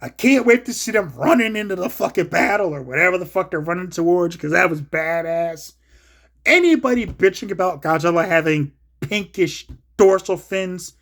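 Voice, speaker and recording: A man hosting his own show, ranting about movies casually, swearing a lot and swinging from low mutters to loud excited outbursts. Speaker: solo show host.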